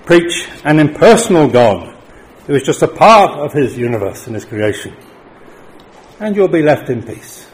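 A middle-aged man preaching a sermon, lifting his voice for emphatic declarations and dropping low and quiet for solemn points. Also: sing-song, moderate pace, rough recording.

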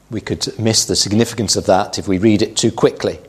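Middle-aged male preacher, low husky voice, measured sermon delivery with emphatic quotes. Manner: measured Bible teaching, quoting scripture with emphasis.

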